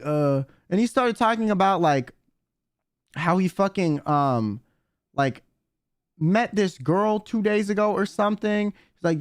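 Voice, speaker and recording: A man's voice: high voice, normal speed, clear, resonant tone, no room sound, studio quality. A young man streamer telling a story casually, rambling and swearing with many fillers. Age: young adult. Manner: rambling, profane, lots of "like" and "um".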